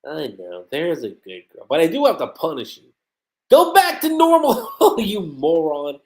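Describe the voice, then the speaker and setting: A man's voice: fairly high pitch, wildly swooping pitch, measured pace, a little mellow, pitched above the performer's own voice, heavily acted. A man voicing a bossy, short-tempered female water spirit who scolds and teases. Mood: scolding. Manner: scolding, teasing.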